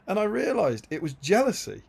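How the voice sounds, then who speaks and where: A man's voice: high voice, huge pitch swings, a little fast, vocal fry, breathy edge. Chatty man, laughing host. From Greater London, England. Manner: chatty, laughs often, lots of restarts and fillers. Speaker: co-host reading live chat. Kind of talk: casual livestream chat.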